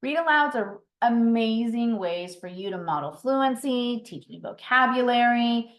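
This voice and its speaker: A woman's voice: on the high side, lively intonation, unhurried. Woman explaining reading routines, roomy echo. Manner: explanatory, patient, with frequent ums and self-corrections. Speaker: mentor trainer. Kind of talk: instructional training talk.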